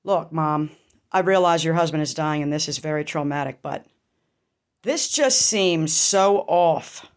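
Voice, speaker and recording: A woman's voice: sits low, a little slow. Intense middle-aged woman telling a raw story. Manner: raw, intense, profane, rhetorical questions. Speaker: vlogger. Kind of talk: emotional personal storytelling.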